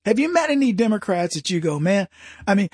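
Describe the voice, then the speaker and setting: A man hosting a political talk radio show, ranting in an animated monologue with mocking put-on voices and frequent restarts. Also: high voice, quick pace, husky, no room sound, clean studio sound.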